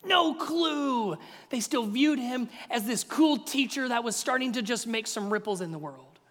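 A male pastor preaching a sermon, swinging from hushed questions to loud, energetic passages. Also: extremely high pitch, unhurried. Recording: long reverb of a large hall.

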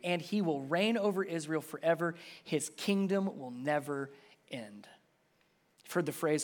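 A man in his thirties, a pastor preaching a sermon in a conversational way. He goes quiet and low on key lines and climbs high and loud when telling a family story.

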